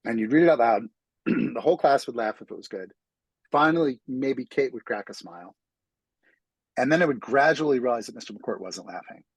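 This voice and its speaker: A man's voice: medium pitch, animated, fairly quick, breathy edge, no echo, poor audio. A man from New York City, an author, telling self-deprecating stories as an interview guest. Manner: self-deprecating storyteller with frequent restarts. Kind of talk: casual interview conversation.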